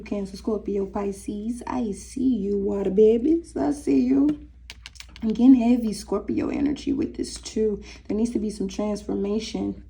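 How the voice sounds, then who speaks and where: Gravelly-voiced woman reading tarot cards. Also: mid-range voice, warm tone. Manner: chatty, breaks into singing, talks to cat. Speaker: tarot reader. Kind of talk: casual tarot reading to viewers.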